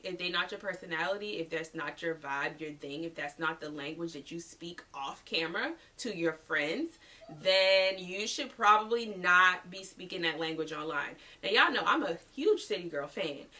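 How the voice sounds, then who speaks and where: A woman's voice: on the low side, pushed and bright, recorded from a distance. A woman in her thirties hosting a motivational podcast, talking casually and slangily to her listeners as y'all. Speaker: podcast host.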